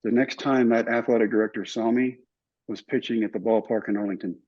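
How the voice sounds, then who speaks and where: An older man telling stories in an interview, animated and acting out other people's lines. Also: medium pitch, brisk, slightly rough. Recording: somewhat dull, muffled recording.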